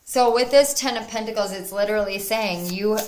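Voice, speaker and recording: A woman giving a spiritual pick-a-card tarot reading to her viewers, earnest and encouraging, at times bursting with excitement. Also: medium pitch, brisk, slight background noise. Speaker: tarot reader.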